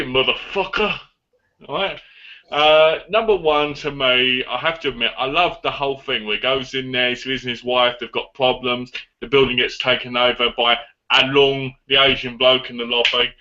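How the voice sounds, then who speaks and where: A man, a guest on a live online chat, rambling excitedly about movies. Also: medium pitch, moderate pace, highs cut off.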